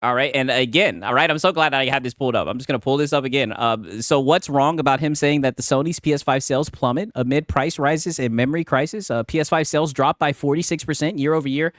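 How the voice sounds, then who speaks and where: A man's voice: mid-range voice, quick pace, few pauses, fairly bright tone, no room sound, clean studio sound. A man hosting a live reaction stream, mocking and sarcastic, laughing often and ending lines with "right?".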